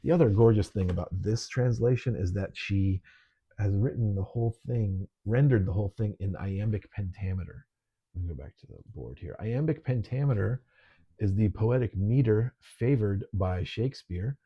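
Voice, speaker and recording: A middle-aged man teaching an online literature lesson, relaxed and conversational, with frequent ums. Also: fairly low pitch, normal speed, breathy edge, muffled recording.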